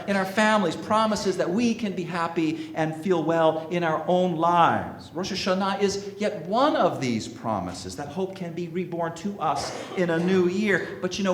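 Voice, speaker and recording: A man preaching a sermon to a congregation, slow and emphatic, asking the listeners rhetorical questions. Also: high-pitched, reverberant. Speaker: minister. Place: sanctuary with congregation.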